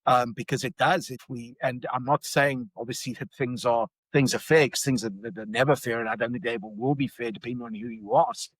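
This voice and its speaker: A man's voice: mid-range voice, fairly even intonation, brisk, few pauses, dry recording, poor audio. A man with a South African accent telling a personal story casually, full of restarts and fillers. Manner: rambling, many restarts and fillers.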